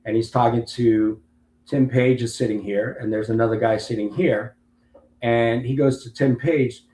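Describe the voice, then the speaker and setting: A man's voice: mid-range voice, fairly even intonation, moderate pace, dark tone. Storytelling man in a roomy space. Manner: long-winded storyteller who acts out other people's lines. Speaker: interview guest, Marine veteran. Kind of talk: casual storytelling interview. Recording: roomy with faint background hum.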